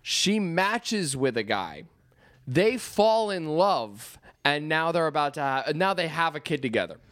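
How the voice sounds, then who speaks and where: Lively crude young podcast host man. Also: on the high side, no echo, clean studio sound. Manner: crude, laughing, quick banter. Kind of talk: casual chat.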